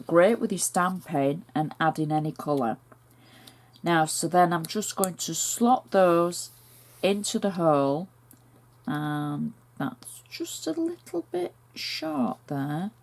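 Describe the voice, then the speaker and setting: A woman with a northern English accent talking through a card-making project step by step in a chatty, homely way. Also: deep voice. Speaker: crafter demonstrating a card project. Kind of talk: step-by-step craft tutorial.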